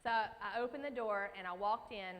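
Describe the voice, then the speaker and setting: A young woman from Alabama with a Southern accent, telling an animated story at a conference and acting out her own reactions with big leaps in pitch. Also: normal speed. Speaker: conference speaker. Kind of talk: storytelling keynote talk. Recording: speech in a large hall with faint background noise.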